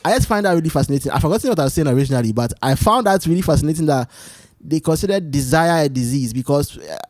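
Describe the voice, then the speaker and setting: A man hosting his own solo talk show, rambling and animated as he tells stories, often restarting his sentences. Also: on the high side, racing, no room sound, studio quality. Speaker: podcast host. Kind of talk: casual solo chat.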